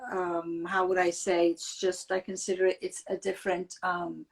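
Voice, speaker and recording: A woman's voice: on the low side, little pitch movement, moderate pace, gravelly. Hesitant woman host, searching for words. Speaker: interview host. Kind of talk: casual interview chat.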